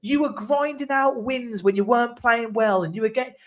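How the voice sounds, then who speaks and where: A man co-hosting a football podcast, animated, acting out rivals' voices and swearing as he tells stories. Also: extremely high pitch, fairly quick. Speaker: podcast co-host. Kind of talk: casual football chat.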